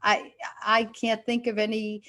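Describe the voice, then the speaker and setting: Woman in her sixties, guest actress, animated candid storyteller, video call audio. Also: fairly high pitch, measured pace. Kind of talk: casual interview chat.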